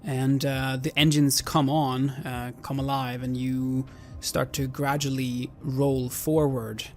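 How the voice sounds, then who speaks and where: A man's voice: mid-range voice, slow, soft background music. Man narrating as game master. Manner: steady descriptive narration with fillers.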